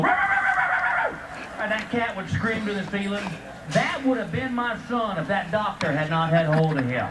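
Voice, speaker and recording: A man, doing a stand-up comedy routine and acting out the voices of the people in his story. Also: sits high. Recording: distant echoey recording with loud background noise.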